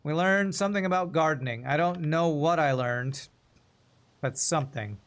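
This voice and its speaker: A man streaming a puzzle game, chatting casually in a relaxed, musing way. His voice sits a touch high for a man, and his sentences often trail off to a quiet murmur. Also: moderate pace. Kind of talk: casual gameplay commentary.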